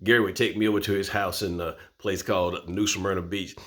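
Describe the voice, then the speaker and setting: A man's voice: low-pitched, brisk. A man, telling a personal story as host and acting out voices. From Florida, USA. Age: 50s. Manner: animated, acts out voices.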